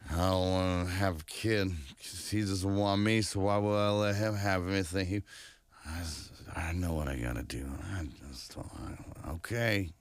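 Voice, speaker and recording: A man voicing a drunk, distraught woman plotting revenge, talking slowly and haltingly. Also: low-pitched, no room sound. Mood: bitter, drunk.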